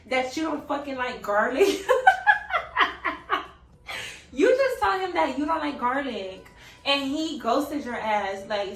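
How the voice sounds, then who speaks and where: Young woman, casual storytime, chatty, swears a lot, highish voice, echoey room, a bit off-mic. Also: a bit bright, recorded from a distance. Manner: chatty, swearing, laughing, quoting in a raised voice. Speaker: vlogger.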